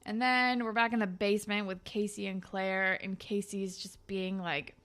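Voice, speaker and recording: A woman's voice: mid-range voice, steady tone, normal speed, fairly bright tone. A young woman co-hosting a podcast, recapping a TV episode in casual, profane chat and mimicking the characters. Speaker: podcast co-host.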